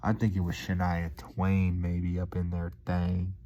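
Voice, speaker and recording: A young vlogger talks to his audience in a warm, low-pitched voice, delivered completely flat at a measured pace. He rambles in a laid-back, slangy way, padding it with many fillers.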